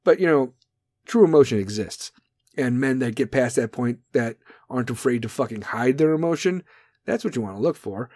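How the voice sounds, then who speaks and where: A man hosting a talk show, ranting in a brash, profane, comedic way and now and then dropping into mocking high voices. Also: animated, normal speed, a little mellow, dry recording. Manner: brash, swearing, swings into mocking falsetto bits. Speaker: podcast host.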